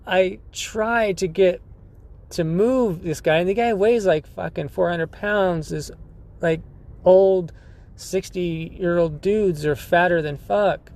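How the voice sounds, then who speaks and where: Man, podcast host, casual storytelling, profane, rambling, laughing, somewhat high pitch. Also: a little mellow.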